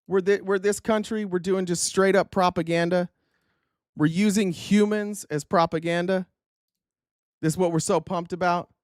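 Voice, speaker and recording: A man with a notably high voice hosts a political live stream in a heated, sarcastic rant full of swearing. He keeps breaking off and restarting his sentences. The sound is close and dry, with no room in it. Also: fairly even intonation, normal speed, dry recording. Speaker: political livestream host. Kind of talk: ranting political commentary.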